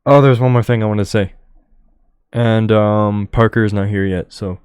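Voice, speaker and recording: A young man hosting a solo podcast, talking in a monotone and rambling with many fillers into a close microphone. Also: fairly low pitch, normal speed, smooth, dry recording, highs cut off. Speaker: podcast host.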